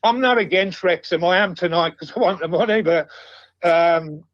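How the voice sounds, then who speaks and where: Sweary, blunt male caller, high voice, dull dry line. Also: normal speed, dry recording. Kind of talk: casual phone-in call. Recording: dull muffled phone audio.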